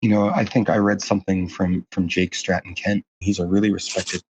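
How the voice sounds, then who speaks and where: A man speaks in a fairly low voice, in a relaxed conversational interview. He rambles earnestly, restarting sentences and leaning on fillers. A faint hiss of noise sits under his voice. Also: brisk. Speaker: guest.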